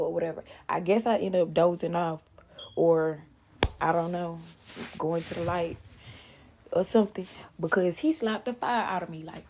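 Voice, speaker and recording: A woman's voice: lowish voice, normal speed, creaky, a little mellow, breathy edge. A young woman casually telling a personal story, rambling and profane, acting out the quotes in raised voices.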